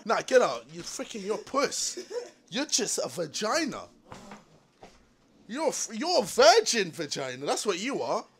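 A young man commentating live gameplay, loud and panicky, swearing and yelling as he plays. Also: high voice, wildly swooping pitch, a little slow, breathy edge. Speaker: gaming video host.

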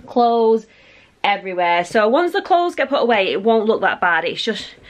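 A woman's voice: mid-range voice, big pitch swings, brisk. Woman, 30s, rambling home vlogger, filmed on a phone indoors. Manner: chatty, rambling, self-deprecating. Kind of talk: casual home vlog chat.

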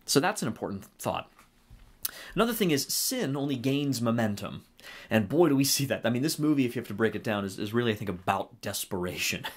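A man giving a casual spoken film review and faith reflection. He talks in an animated, halting way and often stops to correct himself. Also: medium pitch. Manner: animated retelling with a halting, self-correcting flow.

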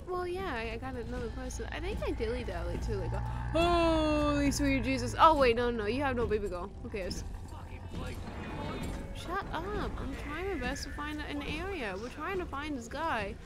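A woman streaming a video game, reacting excitably with frequent swearing, yelps and laughter. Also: sits high, moderate pace. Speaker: gaming streamer. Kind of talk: let's play commentary.

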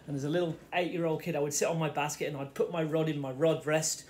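A man's voice: on the high side, level tone, quick pace, a little mellow, a little hiss or hum. A middle-aged man from the Fens, telling a rambling childhood story in his kitchen. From the Fens, England. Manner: rambling, self-interrupting storyteller. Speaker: vlogger. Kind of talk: casual storytelling vlog. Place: home kitchen. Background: faint radio music.

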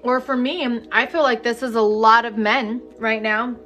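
A woman with a fairly high voice leads a live-streamed healing session. She talks frankly and casually, then slows into repeated, chant-like affirmations. Soft music plays faintly behind her. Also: fairly even intonation, highs cut off. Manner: candid, chatty and profane, then slow incantatory guidance. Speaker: energy healing coach.

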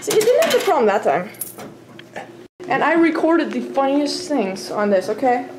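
A young woman with a high, bouncy voice narrates a handheld vlog. She chats and giggles as she explores hotel hallways, with clear background hiss on the camera recording. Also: very animated, normal speed. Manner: giggly, chatty, exploring while filming. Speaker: vlogger. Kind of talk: casual handheld vlog chat. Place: indoors in a hotel, hallways and vending area.

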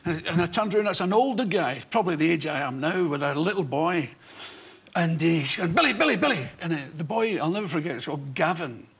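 A Scottish man in his sixties, a talk show guest telling comic stories in an animated way and acting out the voices. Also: on the high side, brisk, slightly rough. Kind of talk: anecdotal storytelling on a chat show.

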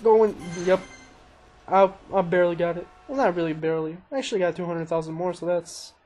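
A man casually commentating his own racing gameplay, excitable and self-mocking, talking to himself as he plays. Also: high voice, a little fast. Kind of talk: casual let's-play commentary. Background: engine noise and crashes from the game.

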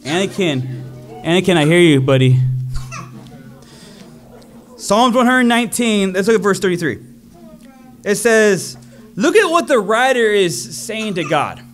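A man's voice: sits high, sing-song, a little slow, long pauses, soft background music. A man preaching a sermon, telling a story with energy and acting out the crowd's voices.

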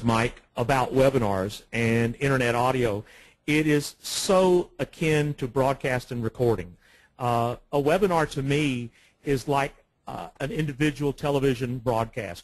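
A man co-presenting a webinar, a former broadcaster who explains microphone technique and often pauses on "uh.". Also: mid-range voice, dry recording, rough recording. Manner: speaks with many "uh" fillers and restarts. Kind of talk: instructional webinar talk. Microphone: professional microphone, close.

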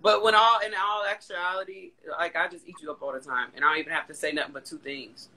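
A woman's voice: lowish voice, steady tone, quick pace, bright, forceful tone, rough recording. A woman judging a rap battle on a live stream, bored and dismissive. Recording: hip hop beat playing behind.

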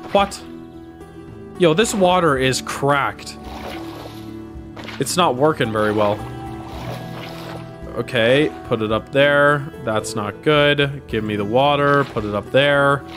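A young man streaming a game in a goofy, playful way, trash-talking the monsters and chatting to his viewers. His voice sits at an ordinary middle pitch. Music plays clearly behind him. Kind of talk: casual gameplay commentary.

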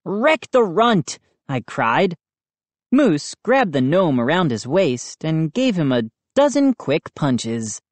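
Slow, lively woman narrating a storybook. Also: deep voice, no echo. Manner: expressive, dramatic. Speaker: audiobook reader.

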